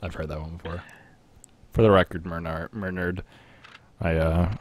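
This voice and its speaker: A man's voice: low voice, steady tone, normal speed. A young man chatting casually while streaming a game, rambling and laughing often. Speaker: streamer playing a battle royale game. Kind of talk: casual live-stream commentary.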